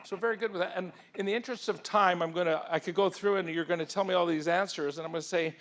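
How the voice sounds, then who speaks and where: A man giving an interactive talk at a conference, firing questions at the audience in an energetic, persuasive way. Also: a little high, quick pace. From England. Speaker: keynote speaker. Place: conference hall.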